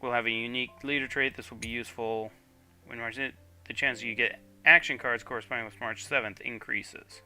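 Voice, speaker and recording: Male gamer host, sharp bright voice, casual read-along commentary, soft game music behind. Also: mid-range voice, fairly even intonation, normal speed. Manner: reads on-screen text with frequent "okay" fillers. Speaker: gaming streamer. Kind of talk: casual game commentary, reading text aloud.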